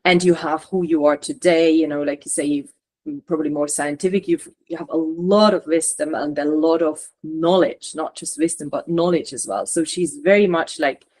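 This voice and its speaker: A woman channeler and coach guiding a spiritual session over a video call, talking in halting, searching phrases. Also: low voice, fairly even intonation, darkish tone. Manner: halting, searching, relays messages.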